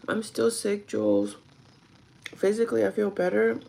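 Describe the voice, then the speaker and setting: A woman's voice: big pitch swings, normal speed, warm tone, low-quality recording. A young woman who is sick and losing her voice, chatting casually with her live-stream viewers, mixing English and Spanish. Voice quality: hoarse, deep for her. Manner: switches between English and Spanish. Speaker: vlogger talking to live chat.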